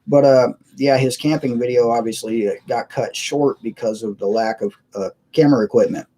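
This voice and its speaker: A man's voice: mid-range voice, steady tone, normal speed, mellow. A man hosting a casual live stream from his computer, rambling and chuckling as he reads viewers' messages aloud. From United States. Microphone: cheap webcam mic.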